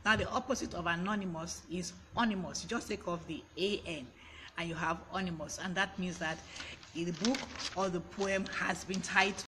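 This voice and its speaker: A man's voice: high voice, noisy background. A man giving a chatty live-streamed vocabulary lesson, greeting viewers by name and laughing often. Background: fan blowing.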